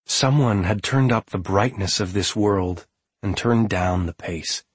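Audiobook narrator, male, very husky, lowish voice, calm and measured, dry close mic. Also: no echo.

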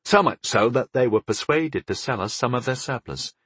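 A man voicing a measured, diplomatic young male apprentice giving a report. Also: mid-range voice, lively intonation, fairly bright tone, husky, no echo.

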